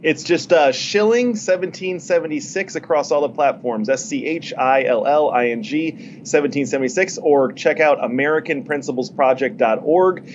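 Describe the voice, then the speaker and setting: An emphatic man joining an interview remotely. His voice sits a little high, and the line sounds dull and lo-fi. A faint hiss runs beneath him. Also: moderate pace, few pauses. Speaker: guest.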